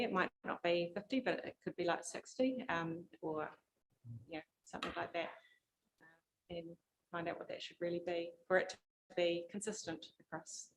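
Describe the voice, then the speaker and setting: A woman's voice: lowish voice, low-quality recording. Woman explaining, full of fillers. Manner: loose, filler-heavy explaining. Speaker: council staff member. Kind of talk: explaining at a council hearing.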